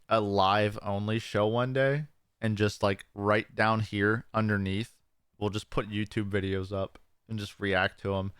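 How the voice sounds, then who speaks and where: A young man co-hosting a casual podcast, swearing often and telling stories with animated quoted voices. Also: on the low side, clean tone, no echo, clean studio sound. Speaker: podcast co-host.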